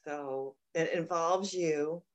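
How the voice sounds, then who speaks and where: A woman's voice: sits low, takes it slowly, muffled recording. A woman playing a sincere partner in an improvised comedy scene who airs small grievances. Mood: earnest. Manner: earnest, then pointedly complaining. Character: earnest woman giving a keepsake, passive-aggressive.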